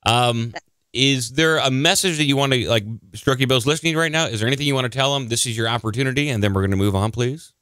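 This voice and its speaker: A male podcast host with a bright, forward voice, joking with callers in a deadpan, teasing manner. The sound is close and dry on a studio mic. He tends to trail off into fillers between quips. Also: mid-range voice, quick pace, smooth, no echo. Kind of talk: comedic call-in talk show.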